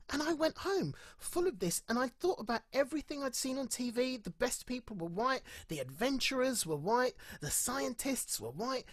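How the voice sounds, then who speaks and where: A middle-aged man speaks in a husky, slightly breathy voice. He tells personal stories in a candid way and often stops to laugh. His words come dry and close, with no room sound. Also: very high-pitched, no room sound. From England. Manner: candid, laughs often, repeats phrases for emphasis. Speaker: speaker at an online festival. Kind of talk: personal storytelling talk.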